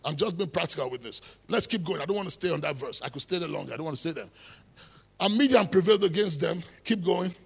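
A man's voice: on the high side, lively intonation, fast talker, vocal fry, husky, long reverb tail. A man preaching a sermon, emphatic, repeating phrases and building into exhortation.

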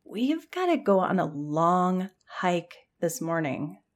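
A woman's voice: fairly low pitch, sing-song, slow pace. A woman doing laid-back joking camper girl. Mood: easygoing.

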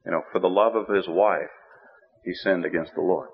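A middle-aged man preaching a sermon, telling the story with animated delivery and acting out the characters' voices. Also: low voice, moderate pace, breathy edge. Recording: phone-like radio broadcast.

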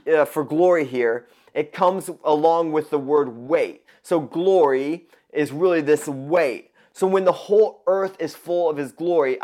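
A man's voice: fairly high pitch, darkish tone. A man preaching a sermon to his congregation, emphatic and repeating words for stress. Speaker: pastor.

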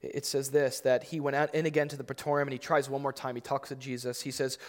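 A man's voice: medium pitch, level tone, quick pace. A man preaching a sermon, conversational but emphatic, acting out scripture readings with rising intensity. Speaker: pastor. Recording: long reverb of a large hall.

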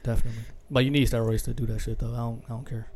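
A man's voice: medium pitch, flat delivery, very fast, darkish tone, slight background noise. Joking, profane podcast man. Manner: joking, profane, repeats words when starting. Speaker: podcast co-host. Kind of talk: casual podcast banter.

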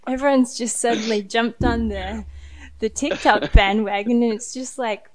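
A woman hosting a podcast interview who chats casually, fills her sentences with "like", and gets animated. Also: fairly high pitch, moderate pace. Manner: filler-heavy, says "like" constantly, animated. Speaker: podcast host.

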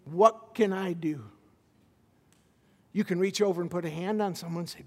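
A man preaching a sermon as a visiting pastor, animated, with stammered restarts as he tells a story. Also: high voice, normal speed, pauses often, long reverb tail.

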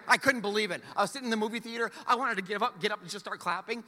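A high-pitched, very bright male pastor preaching with wide, lively swings in his voice. He tells stories in a playful, ranting way, and his words ring out with a long hall reverb. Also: rapid-fire, few pauses. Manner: animated storyteller, playful ranting. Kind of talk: sermon.

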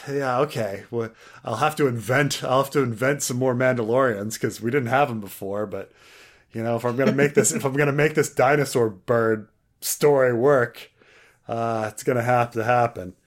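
A man putting on a tired filmmaker who humors kids with flat, resigned mutters. The voice stays low-key and unhurried. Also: lightly acted. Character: weary male filmmaker humoring children.

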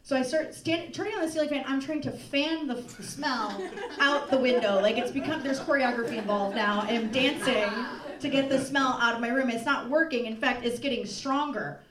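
A young woman telling a laughing, animated confessional story on a live comedy stage. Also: high-pitched, moderate pace. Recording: echoey room from far off, loud crowd.

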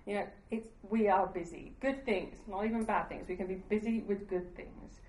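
A woman's voice: medium pitch, steady tone, moderate pace, darkish tone, reverberant, a little hiss or hum, poor audio. A woman preaching a sermon in an earnest, conversational way, laughing at herself now and then.

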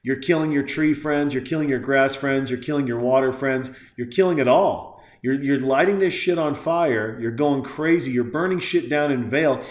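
A man ranting in a sarcastic, foul-mouthed way, his voice heated and mocking. His pitch sits in the middle for a man. The recording has a noticeable roomy echo. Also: normal speed, few pauses. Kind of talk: profane ranting commentary. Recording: echoey room.

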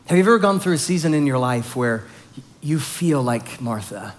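A man's voice: medium pitch, moderate pace. A man preaching a sermon, reading scripture and explaining it, acting out quoted voices with rising emphasis. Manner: expressive, acts out quoted lines with rising emphasis. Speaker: pastor.

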